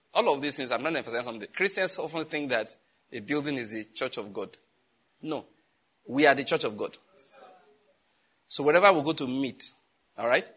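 A man preaching a sermon as pastor, animated and scolding, with jokes and sudden jumps in pitch. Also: slightly rough.

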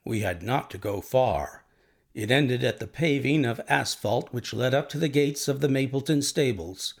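A man narrating a classic story aloud in a steady, first-person manner. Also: mid-range voice, moderate pace, vocal fry. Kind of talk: storybook reading.

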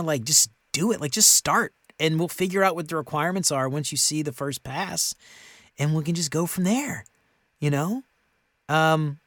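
A man in his thirties co-hosting a podcast in casual chat, animated and rambling, often laughing. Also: a little high, no room sound. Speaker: podcast co-host.

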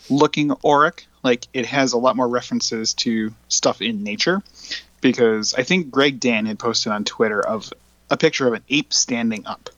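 A man's voice: medium pitch, fairly bright tone, no room sound, lo-fi sound. A man talking as a guest in a casual hobby chat, blunt and wry.

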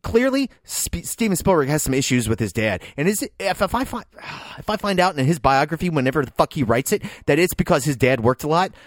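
A man's voice: on the high side, very animated, a little fast, few pauses, no room sound, clean studio sound. A man co-hosting a film podcast, ranting heatedly with lots of swearing. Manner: heated, swearing, loud outbursts. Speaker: podcast co-host. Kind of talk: profane ranting film review.

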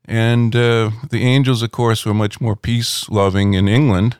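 A middle-aged man, a rock critic, telling anecdotes in a relaxed interview at home, rambling with many fillers. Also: on the low side, normal speed, clean tone, no room sound, clean studio sound.

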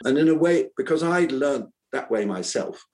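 A man's voice: mid-range voice, animated, moderate pace, darkish tone, rough recording. An older man, an author who once taught school, talks reflectively in an interview, earnest and rambling, often restarting his sentences. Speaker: author and former teacher.

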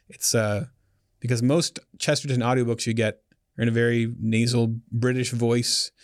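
A man's voice: mid-range voice, no room sound. Man as author guest in a casual interview; loose, joking delivery with restarts, recorded dry. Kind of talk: casual chat.

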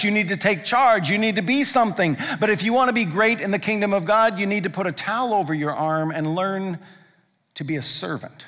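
A man's voice: high voice, a bit bright. A male pastor preaching a sermon in a church, talking conversationally and driving points home with emphatic repetition. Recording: long reverb from a large hall.

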